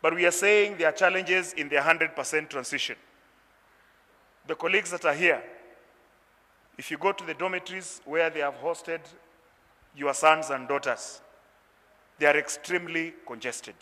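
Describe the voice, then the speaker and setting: A man's voice: fairly high pitch, normal speed, long pauses, pushed and bright, in a large hall. A man giving an impassioned, emphatic speech at an education meeting. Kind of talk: formal public speech.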